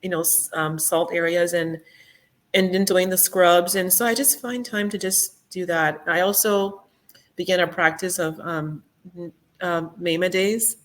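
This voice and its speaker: A middle-aged woman talking as a podcast guest in a casual interview, reflective and soft-spoken, with many fillers. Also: fairly low pitch, fairly even intonation, a little slow.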